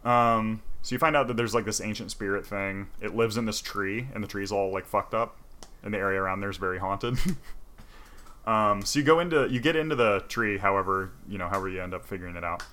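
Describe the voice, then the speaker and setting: A man's voice: fairly low pitch, fairly quick, sharp tone. A man casually retelling a game's story in loose, profane talk full of fillers.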